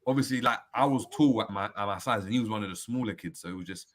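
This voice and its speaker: A man hosts a casual football show and tells stories in loose street slang. His voice sits low, and he reads viewer comments aloud as he goes. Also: fast, fairly bright tone. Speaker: host. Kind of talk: casual chat about football.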